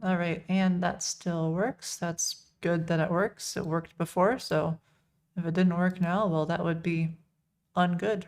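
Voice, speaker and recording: A woman's voice: lowish voice, fairly even intonation, unhurried, darkish tone. A woman from Texas, without a Texan accent, chatting casually with her live-stream audience while coding and reading chat messages aloud.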